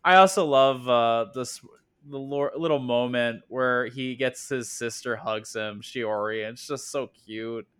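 A man's voice: mid-range voice, unhurried, fairly bright tone, clean tone. A man co-hosting a casual podcast chat, enthusiastic and often correcting himself mid-sentence. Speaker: podcast co-host.

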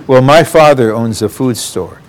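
A man's voice: mid-range voice, a little slow. A man preaching a sermon, earnest and addressing the congregation directly.

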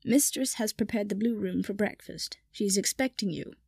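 A woman's voice: medium pitch, moderate pace, gravelly, darkish tone, breathy edge, no room sound, studio quality. A woman voicing a dour old male house-elf servant who speaks primly and formally about himself in the third person.

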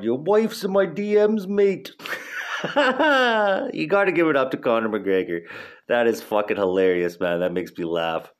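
Stoned young podcast host, rambling and profane, mid-pitched voice. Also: male voice. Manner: laid-back, profane, rambling. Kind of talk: casual podcast chat.

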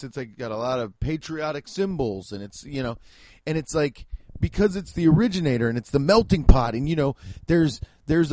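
A man's voice: fairly high pitch, a little mellow, no echo. Fired-up young man ranting, profane. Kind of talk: comic rant.

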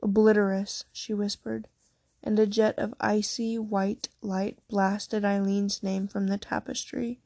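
A woman narrating a fan fiction story aloud in a steady, unhurried way. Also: medium pitch, creaky, dry recording.

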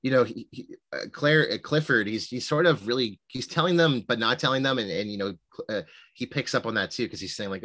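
A man's voice: mid-range voice, brisk, fairly bright tone, no echo. A man co-hosting a movie podcast, talking in a rambling, casual way full of fillers and retold movie lines. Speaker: podcast co-host. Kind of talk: casual film discussion.

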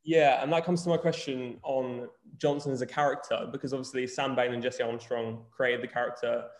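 A man's voice: mid-range voice, steady tone, brisk. A man interviewing a guest, asking friendly, curious questions in a casual chat. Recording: roomy echo.

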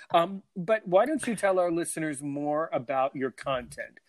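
A man's voice: fairly high pitch, expressive, moderate pace, few pauses, dry recording. A man hosting a podcast in casual chat, enthusiastic and often repeating words and restarting his sentences. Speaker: podcast host.

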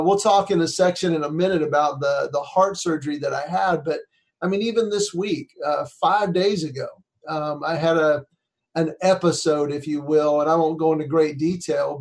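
A man with a slightly higher voice tells a heartfelt story. He is earnest and conversational and acts out the people he quotes. He grows quieter and softer in the emotional parts. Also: creaky. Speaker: speaker. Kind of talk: storytelling talk.

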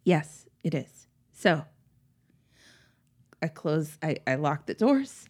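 Animated woman telling a comic story. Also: low-pitched, slow. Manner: animated, laughing, acts out her own panicked quotes.

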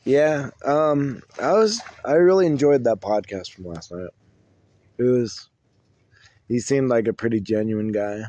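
A young man co-hosting a casual podcast, telling rambling stories with lots of halting restarts. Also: mid-range voice, lively intonation, dark tone, dry recording, lo-fi sound. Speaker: podcast co-host. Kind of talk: casual chat.

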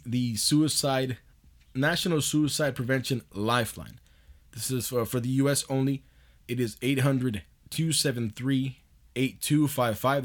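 A man hosting a podcast in a loose, profane monologue, laughing often as he talks. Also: medium pitch. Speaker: podcast host.

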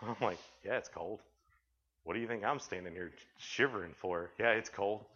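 A man with a fairly low, bright, forceful and slightly rough voice speaks at a moderate pace. He gives young listeners a chatty, folksy storytelling sermon, voicing bits of dialogue in quotes. The audio is dull and lo-fi.

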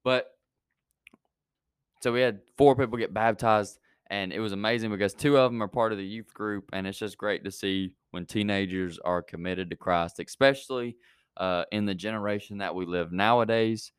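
A man's voice: lowish voice, steady tone, normal speed, clean tone, no echo, studio quality. A man hosting a youth church podcast, rambling with many fillers and restarts, then praying. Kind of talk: casual chat and prayer.

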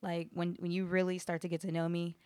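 A woman's voice: on the low side, completely flat delivery, brisk, warm tone, clear, resonant tone, dry recording. A woman guest musician in a casual interview, chatty and upbeat, talking in long loose runs with lots of fillers.

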